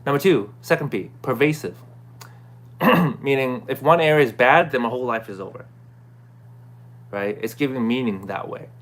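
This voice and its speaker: Male vlogger, casual self-help recap, conversational, frequent "right?" and throat clearing. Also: mid-range voice, moderate pace, long pauses, fairly bright tone. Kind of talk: casual talking-to-camera recap.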